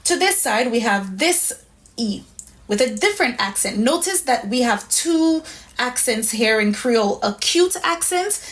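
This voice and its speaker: A woman's voice: a little high, animated, unhurried, fairly bright tone. A woman teaching a language lesson, patiently explaining pronunciation step by step. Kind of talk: instructional lesson.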